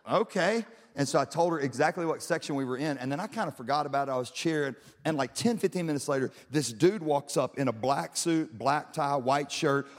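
A pastor, a man with a high voice, preaches to his congregation, moving from casual storytelling into loud, shouted passages. His throat sounds a bit strained from the shouting. His voice rings out with the long reverb of a big auditorium. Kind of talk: sermon.

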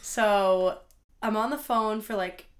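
A woman's voice: mid-range voice, slow. A young woman, a college student, co-hosting a casual chat podcast from her bedroom, telling a long story and acting out the people in it. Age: young adult. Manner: chatty storyteller, acts out quoted people. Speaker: podcast co-host.

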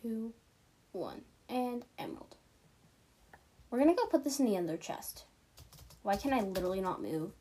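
Breathy girl chatting over a game. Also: medium pitch, big pitch swings, moderate pace, pauses often, mellow. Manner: chatty, giggly, self-mocking. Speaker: gaming streamer. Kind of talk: casual gameplay commentary.

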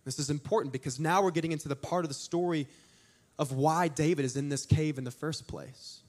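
A young man, a youth pastor preaching a sermon in a conversational, storytelling way with lively emphasis. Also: fairly high pitch, brisk.

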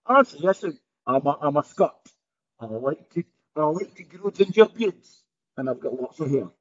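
A man's voice: a little high, animated, moderate pace, muffled recording, natural voice. A man doing a proud Scottish guy from Peterhead. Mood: boastful. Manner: boastful, exaggerated Scottish voice.

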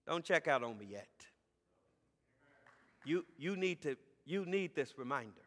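A man preaching a sermon as a pastor, building from calm teaching to shouted, drawn-out emphasis on key words. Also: mid-range voice. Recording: live sermon in a reverberant hall.

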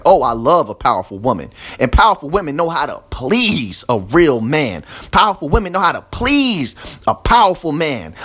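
A man's voice: on the high side, a bit bright. A man hosting a podcast, ranting in a profane, aggressive and repetitive monologue. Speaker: podcast host.

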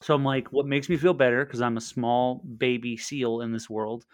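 A young man co-hosting a podcast, telling a crude story in a casual, animated way with frequent restarts. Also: medium pitch, moderate pace, no echo, clean studio sound. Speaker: podcast co-host.

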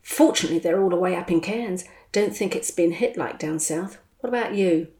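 A woman voicing an easygoing, wry man with a title, talking in a dry, relaxed way. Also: fairly low pitch, brisk, lightly acted. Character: Australian knighted man, wry, easygoing expat. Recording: roomy echo.

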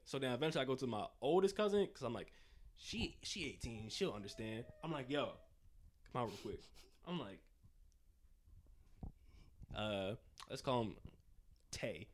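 A man's voice: mid-range voice, moderate pace, pauses often, slight background noise. A young man casually telling a story, acting it out with sound effects and voices, swearing freely. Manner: animated, acts out scenes with sound effects and quoted voices; profane, slangy.

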